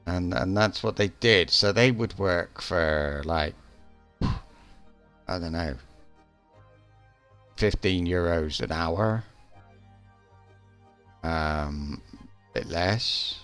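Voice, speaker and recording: Slow, low-voiced man chatting on stream. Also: a bit bright, clear, resonant tone, faint music behind. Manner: rambling, hesitant, with many restarts and fillers. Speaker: game streamer. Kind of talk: casual chat during a live game stream.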